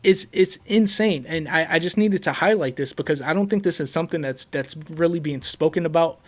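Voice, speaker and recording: Excitable sports podcast host, higher voice. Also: male voice, fairly quick. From Puerto Rico. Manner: excitable, repeats words, frequent fillers. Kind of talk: casual sports talk.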